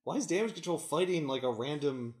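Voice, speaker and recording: A man's voice: on the high side, lively intonation, brisk, a little mellow. Man reacting with quips, echoey room. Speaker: podcast co-host. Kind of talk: casual chat. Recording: roomy echo.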